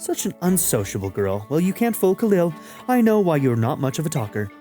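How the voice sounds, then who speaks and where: A vain, grandiose city lady from a fantasy game, performed by a man reading along. She talks high and haughty, with a mellow tone and faint game music in the background. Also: sing-song, fairly quick. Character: pompous elegant city woman, vain.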